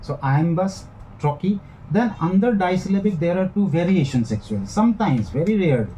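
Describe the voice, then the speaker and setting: A man giving a classroom lecture, speaking in a measured way that repeats and rephrases each point. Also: on the high side, dark tone, slight background noise, low-quality recording. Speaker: English literature lecturer.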